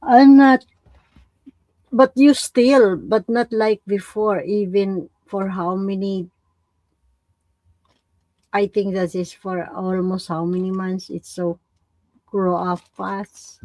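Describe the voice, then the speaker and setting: Filipino woman, live-stream host; unhurried, dry close sound, short reactive questions. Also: mid-range voice, fairly even intonation, warm tone, no room sound. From Philippines. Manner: short reactive questions, loose informal phrasing. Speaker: livestream host. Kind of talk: casual live chat.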